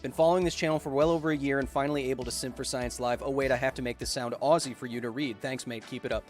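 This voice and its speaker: A man at an ordinary middle pitch hosts a science livestream, cheerful and joking as he reads out viewer messages. His energy jumps in quick bursts of enthusiasm, with faint music playing softly behind him. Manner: upbeat, jokey, bursts of excitement. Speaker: science YouTuber host. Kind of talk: livestream chat, reading viewer donations.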